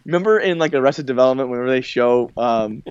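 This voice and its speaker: A man's voice: medium pitch, fast, darkish tone, clean tone, dry recording. A man co-hosting a casual podcast chat, joking, laughing often and making sarcastic asides. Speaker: podcast co-host. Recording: dull lo-fi dry sound.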